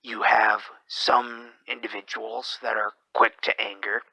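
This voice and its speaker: Slow gravelly man, brooding monologue. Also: lowish voice, flat delivery, bright, forceful tone, no echo, rough recording. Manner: slips into whispers mid-sentence; rambling, hesitant delivery. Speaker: podcast host.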